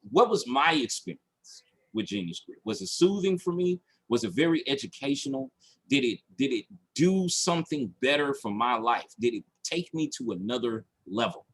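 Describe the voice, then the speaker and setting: Man, marketing coach, lively pitch, husky voice, repeats himself for emphasis. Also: moderate pace. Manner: animated, repeats points for emphasis. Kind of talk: recorded online training session. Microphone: video call.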